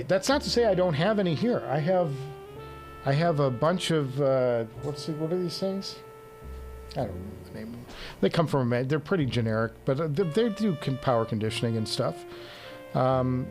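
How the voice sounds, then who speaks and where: A man hosting a casual live stream. He reads viewer comments and rambles in a self-deprecating way, chuckling often. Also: medium pitch. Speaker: livestream host.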